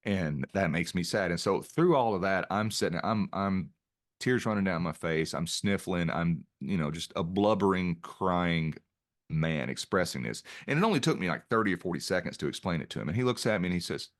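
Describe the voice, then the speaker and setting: Podcast guest, middle-aged man, low pitch, earnest storyteller who restarts his sentences. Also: expressive, moderate pace. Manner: earnest, stops to restart phrases. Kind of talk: reflective interview storytelling.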